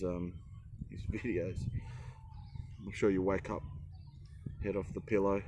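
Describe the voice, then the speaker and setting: A man's voice: low-pitched, level tone, a little slow, long pauses, darkish tone, slight background noise. A man chatting casually in a vlog, rambling and poking fun at himself while he cooks outdoors. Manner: rambling, self-mocking, jokey. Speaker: travel vlogger. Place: outdoors in a forest.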